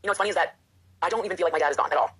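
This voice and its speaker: Her voice lowish and slightly bright, this guest, a professional wrestler and author, speaks rapidly and breathily with a husky edge throughout. She's emotional and frank, frequently acting out the self-doubting voice inside her.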